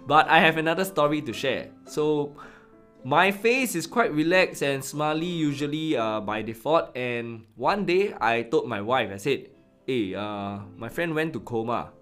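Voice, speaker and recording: A man's voice: a little high, lively intonation, measured pace, a bit bright, clear, resonant tone, soft background music. A man with a Singaporean English accent hosting a podcast, telling casual, self-deprecating stories in a chatty, colloquial way. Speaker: podcast host. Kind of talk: casual storytelling monologue.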